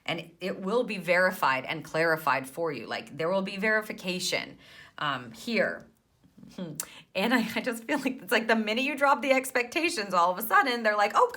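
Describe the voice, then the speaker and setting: Bright, enthusiastic woman tarot reader. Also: lowish voice. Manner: enthusiastic, exclaiming, laughing often; chatty, with many restarts and fillers. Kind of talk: tarot reading to camera.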